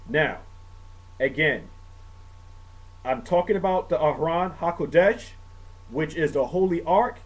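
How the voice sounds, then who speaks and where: A man's voice: on the high side, poor audio. A man preaching a conversational sermon, checking in with the congregation and rising in emphasis on key points. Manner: conversational, frequent "okay" check-ins, rises when emphatic. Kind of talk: sermon teaching.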